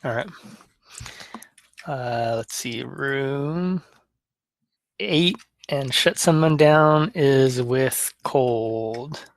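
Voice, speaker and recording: A man's voice: medium pitch, extremely slow, gravelly, long pauses. A man playing a tabletop role-play, hesitant and thinking aloud. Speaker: player.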